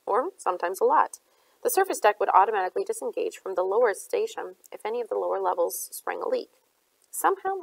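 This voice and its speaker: Brief: female audiobook narrator, gravelly tone, dry close sound. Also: medium pitch, no echo, low-quality recording. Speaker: audiobook reader.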